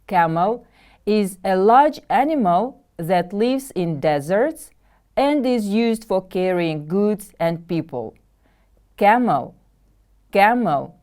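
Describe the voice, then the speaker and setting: A woman from Kyrgyzstan leads an English lesson for schoolchildren, pronouncing each new word slowly and with clear care. Her pitch rises and falls a lot as she repeats words for the class. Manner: slow, careful, lively pitch, repeating words for pupils. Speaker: English teacher. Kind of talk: televised English vocabulary lesson.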